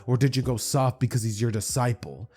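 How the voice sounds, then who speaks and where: A man voicing an arrogant, ruthless male hero in a fan-made anime story, speaking coldly and slowly. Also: mid-range voice, fairly even intonation, warm tone, soft background music, close to an everyday voice. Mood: sneering. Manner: cold, slow, sneering.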